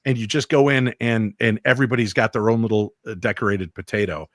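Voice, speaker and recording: A man in a casual chat who tosses in dry, deadpan jokes. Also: on the low side, fast, no room sound.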